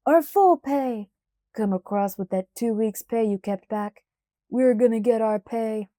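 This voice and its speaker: A woman reader voices an angry mob of workmen in a storybook. They shout their demands loudly and roughly. The reader raises her voice above her usual narrating pitch. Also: takes it slowly, no echo, clean studio sound.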